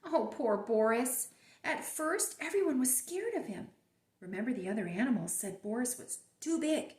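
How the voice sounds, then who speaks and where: A woman reading a picture book aloud at a library storytime, gentle and sing-song, asking her young listeners questions. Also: high-pitched, sing-song, moderate pace. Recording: roomy echo.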